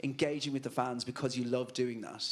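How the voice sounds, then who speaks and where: A man's voice: mid-range voice, fairly even intonation, brisk. A man with a British accent interviewing, asking chatty questions full of fillers. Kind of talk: casual interview.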